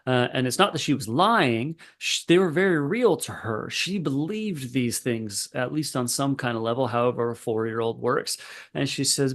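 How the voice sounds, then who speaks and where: A man, a therapist and podcast guest, telling a story in a relaxed conversational way with fillers. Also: mid-range voice, normal speed. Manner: relaxed, lots of fillers and restarts.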